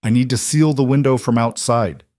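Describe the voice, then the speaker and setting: A man voicing a calm single father who talks in a reassuring, practical way. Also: medium pitch, moderate pace, no echo, clean studio sound, voice pushed up, close to an everyday voice. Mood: urgent.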